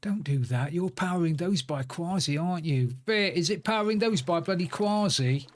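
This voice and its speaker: A man's voice: fairly high pitch, moderate pace. A man streaming a building game, muttering to himself as he works and chatting in asides. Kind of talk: casual live-stream chat while playing.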